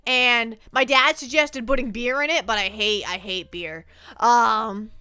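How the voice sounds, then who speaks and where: Bright high-voiced playful woman streamer. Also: measured pace, clear, resonant tone, dry recording. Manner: playful, mock-hurt, often repeats words while thinking. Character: speaks as a sensitive penguin streamer persona. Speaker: livestreamer chatting with viewers. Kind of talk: casual livestream chat.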